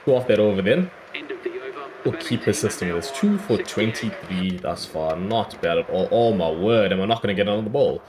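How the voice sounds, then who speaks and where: A man with a hoarse, worn-out voice giving chatty play-by-play commentary on his own cricket video game, breaking into excited cries at big moments. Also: fairly low pitch, moderate pace, a crowd in the background. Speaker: gaming YouTuber. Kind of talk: casual play-by-play gameplay commentary.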